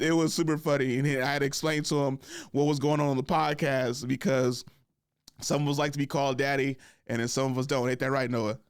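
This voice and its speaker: A man's voice: medium pitch, fairly even intonation, quick pace, clear, resonant tone. A young man hosting a casual podcast, loose and joking, swearing freely as he tells stories. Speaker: podcast host.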